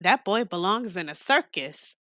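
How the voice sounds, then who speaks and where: A woman voicing a mischievous teenage girl with a menacing streak, reading a visual novel aloud, with teasing jabs that turn flat and cryptic. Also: medium pitch, measured pace, no room sound, clean studio sound.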